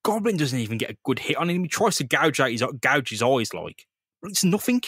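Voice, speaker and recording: A man's voice: mid-range voice, very animated, brisk, fairly bright tone, slightly rough, no echo, clean studio sound. A man co-hosting a casual comic-book podcast, recapping scenes animatedly, swearing freely and acting out the characters' lines. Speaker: podcast co-host.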